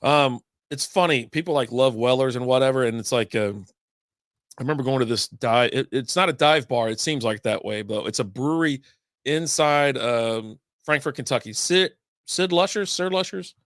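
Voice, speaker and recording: A man's voice: mid-range voice, moderate pace, a bit bright, no echo, clean studio sound. A man hosting a casual podcast, rambling through long stories with lots of asides and fillers. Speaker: podcast host. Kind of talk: casual beer podcast monologue.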